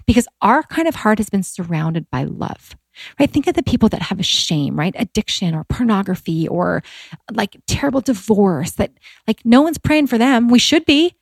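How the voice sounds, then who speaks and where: A woman in her forties speaks as a podcast guest at a medium pitch, sharing personal stories in a candid, heartfelt way. Her speech is full of "like"s, and her voice lifts when she is moved. The sound is dry and close, with no room echo. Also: sing-song, normal speed, vocal fry, breathy edge. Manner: heartfelt, filler-heavy with many "like"s, voice rising when emotional. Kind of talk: candid conversational storytelling.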